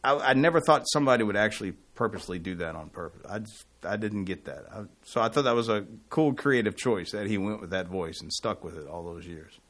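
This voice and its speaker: A man's voice: on the low side, a little fast. A middle-aged man, co-hosting a casual radio talk show and telling long rambling stories. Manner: rambling storyteller, animated when excited. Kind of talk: casual on-air chat.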